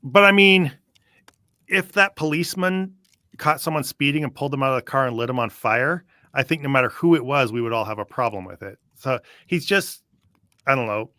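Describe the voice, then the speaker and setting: A man's voice: medium pitch, animated, fairly quick, sharp tone, no echo. A man hosting a casual podcast, reading passages from a book and picking them apart in a dry, skeptical way. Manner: skeptical, dry, thinks aloud with restarts. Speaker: podcast host.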